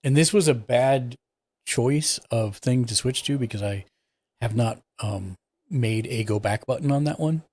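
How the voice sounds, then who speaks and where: A young man talks a guest through software settings in a relaxed, easygoing way. His voice sits at an ordinary middle pitch. He thinks aloud and backtracks as he hunts for a button. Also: unhurried, breathy edge, no room sound. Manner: relaxed, explains step by step while clicking around. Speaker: streaming tech support host. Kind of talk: casual live-stream tech walkthrough.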